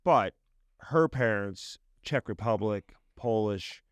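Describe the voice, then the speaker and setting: A man's voice: on the low side, expressive, takes it slowly, clean tone, no room sound. A man co-hosting a podcast, laid-back and curious, asking lots of questions in casual chat. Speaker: podcast co-host.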